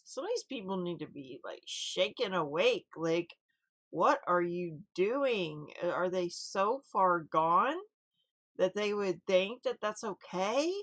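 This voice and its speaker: A woman's voice: medium pitch, animated, a little slow, a bit bright. A middle-aged woman hosting a casual news commentary, rambling with many fillers and restarts and breaking into exasperated, incredulous asides. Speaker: host.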